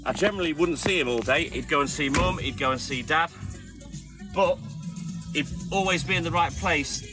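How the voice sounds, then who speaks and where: A man with a North Welsh accent and a slightly raised voice hosts a relaxed livestream. He chats in a wry, easygoing way and answers viewers by name. Clear music plays behind him the whole time. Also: on the high side, normal speed, poor audio. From North Wales. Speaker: livestream host. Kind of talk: casual live chat with viewers.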